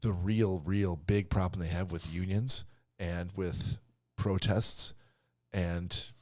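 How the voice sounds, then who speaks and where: A low-pitched man co-hosting a casual podcast, needling his partner and swearing freely. The sound is dry and close, with no room around it. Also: steady tone, takes it slowly, no room sound. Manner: teasing, pushy, swears freely. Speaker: podcast co-host.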